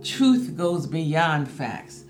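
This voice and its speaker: A woman's voice: deep voice, very animated, extremely slow. A woman preaching a sermon, reading scripture and saying hallelujah often. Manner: emphatic preaching, reads scripture, frequent hallelujahs. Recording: echoey room with faint music. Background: faint music.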